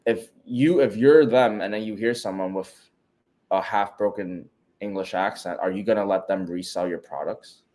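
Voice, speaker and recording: A man's voice: fairly low pitch, moderate pace, dark tone. A man co-hosting a podcast, talking bluntly and casually with lots of fillers. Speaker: podcast co-host. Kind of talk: casual chat.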